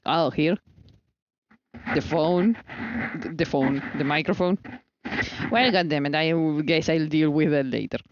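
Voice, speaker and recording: A woman chats through a baking stream in her kitchen, scatterbrained and teasing herself. She talks slowly in a lowish voice. The sound is dry and a little dull and lo-fi. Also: no room sound. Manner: chatty, scatterbrained, self-teasing, talking to herself. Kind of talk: casual live-stream chat while baking. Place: home kitchen.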